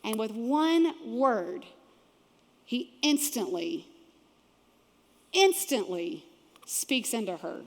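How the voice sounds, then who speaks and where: A Texan woman preaches from the stage of a big church auditorium, her high voice carried by a long hall reverb. She is animated and slips into the voices of the people in her story. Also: drawn-out words, pauses often. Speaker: pastor. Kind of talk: sermon.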